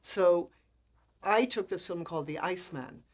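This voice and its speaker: Animated woman telling stories. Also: fairly low pitch, normal speed, slightly rough. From Ireland. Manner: animated anecdotes, frequent laughter, acts out quoted people. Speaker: guest speaker, make-up artist. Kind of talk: storytelling interview talk.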